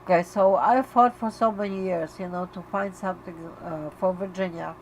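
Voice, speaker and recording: A woman's voice: on the low side, moderate pace, slight background noise, poor audio. A woman hosting a casual livestream chat from her bed at home, talking openly and emotionally to viewers, with many fillers and restarts. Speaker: livestream host for an epilepsy community. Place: bedroom at home.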